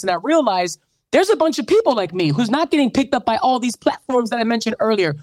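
A man's voice: extremely high pitch, animated, brisk, a little mellow, no room sound. A man hosting a radio show, telling his story in an interview with a preacherly lilt that builds to fervent calls. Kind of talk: animated testimony in an interview.

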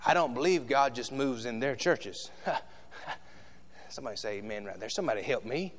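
A man preaching a sermon in a church with passion, shifting between loud shouts and hushed asides to the congregation. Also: medium pitch, lively intonation, normal speed.

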